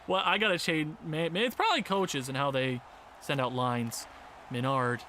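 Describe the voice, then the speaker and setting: Young man, gaming commentary, high pitch, swings from mutters to shouts. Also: normal speed, slight background noise. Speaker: gaming YouTuber. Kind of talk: casual game commentary.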